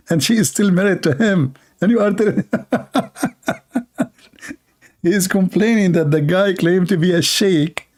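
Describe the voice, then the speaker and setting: A man with a high-sitting, slightly mellow voice gives mocking live-stream commentary, reading viewer comments aloud. He's sarcastic and teasing, laughing at his own jokes.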